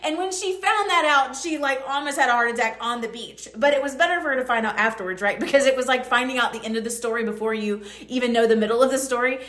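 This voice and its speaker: Woman podcast host, high-pitched, chatty storyteller, roomy echo. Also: fast, hardly any pauses. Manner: chatty, animated, full of fillers and quoted asides. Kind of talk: casual storytelling monologue.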